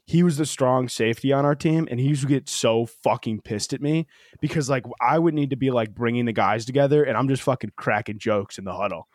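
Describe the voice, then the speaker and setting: A young man co-hosting a casual podcast, telling animated, joking stories and swearing freely. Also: mid-range voice, fairly quick, no echo, studio quality. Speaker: podcast co-host. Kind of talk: casual chat.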